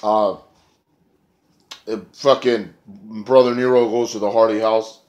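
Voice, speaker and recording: A man's voice: on the low side, level tone, slow pace, darkish tone, lo-fi sound. Rambling, profane man reviewing wrestling. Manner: profane, rambling, lots of filler words. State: feeling sick, snotty. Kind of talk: casual spoken review vlog.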